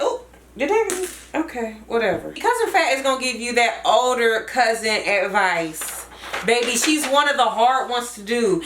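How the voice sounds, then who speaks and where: Chatty cartoon creator, a woman, bright-voiced, in an echoey room. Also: fairly high pitch, a little hiss or hum. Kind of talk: behind-the-scenes explanation.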